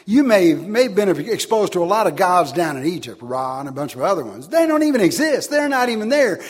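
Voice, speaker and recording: A man preaching a sermon, swinging between loud, emphatic declarations and quiet asides. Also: high voice, very animated, a little fast, breathy edge.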